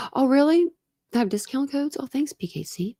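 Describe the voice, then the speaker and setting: A woman's voice: sits high, lively intonation, normal speed, warm tone. A woman hosting a true crime livestream from home, chatting loosely with her viewers and rambling between topics with laughs and fillers. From United States. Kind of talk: casual livestream chat with viewers. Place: home room. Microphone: desk camera setup.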